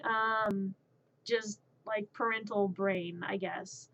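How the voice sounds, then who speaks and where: A woman's voice: on the high side, steady tone, unhurried, a bit bright. A woman streamer telling a casual story, rambling and stammering, often repeating her words. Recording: muffled lo-fi stream audio.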